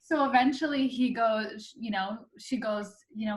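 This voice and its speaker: A young woman, a real estate agent and guest, tells an anecdote in an animated, breathless way, often laughing as she talks. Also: on the high side, normal speed. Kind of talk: storytelling anecdote.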